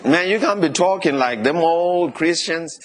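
A male pastor preaching a lively sermon, often turning to the congregation with asides and questions. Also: a little high, measured pace, crowd noise.

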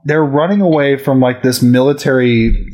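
A man's voice: medium pitch, normal speed, darkish tone, slight background noise. A man in casual chat who swears a lot and acts out scenes while retelling a movie plot.

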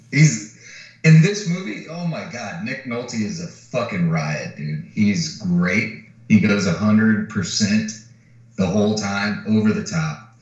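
A man with a voice on the low side talks slowly as he co-hosts a podcast, casually recounting a film's plot with lots of cursing and animated, performed lines. The recording is distant from the mic, very echoey, and dull.

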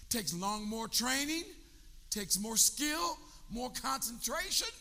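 A man's voice: very high-pitched, animated, slow, vocal fry, pushed and bright. An older man preaching a sermon, urging his congregation to answer him back. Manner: preaching with call-and-response to the congregation. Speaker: pastor. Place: church sanctuary. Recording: long church hall reverb.

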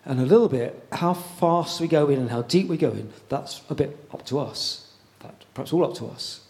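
A man's voice: a little high, darkish tone. Conversational male preacher. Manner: conversational, pausing, repeats words. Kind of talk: sermon.

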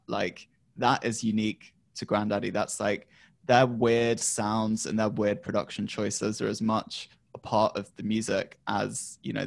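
A man's voice: fairly low pitch, vocal fry, dry recording. A man in casual music chat, rambling with many ums and restarts.

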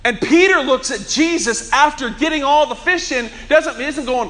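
A man preaching a Sunday sermon, telling humorous, chatty stories and slowing down to press points home. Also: extremely high pitch, sharp tone, a little hiss or hum. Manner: earnest preaching with slow emphasis. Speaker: pastor.

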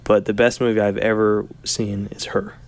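A man's voice: fairly low pitch, flat delivery, normal speed. A young man with a New Jersey accent, a podcast guest who rambles in casual chat with dry humor and often trails off.

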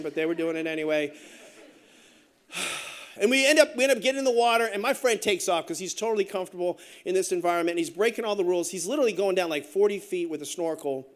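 Man, middle-aged, pastor, sermon, high voice, animated, joking asides. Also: quick pace.

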